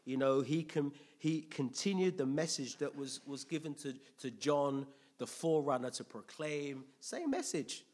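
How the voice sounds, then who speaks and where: A man preaching a Bible teaching sermon, repeating key phrases and breaking into loud, excited exclamations, laughing as he digresses. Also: mid-range voice. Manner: slow, repetitive, bursts into loud excited exclamations; laughs often, digresses into personal testimony.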